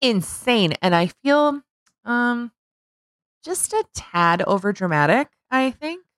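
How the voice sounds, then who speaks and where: A woman's voice: fairly high pitch, sing-song, slow pace, fairly bright tone, clear, resonant tone, no echo, studio quality. A woman co-hosting a casual podcast, reacting to the news and laughing often. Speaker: podcast co-host.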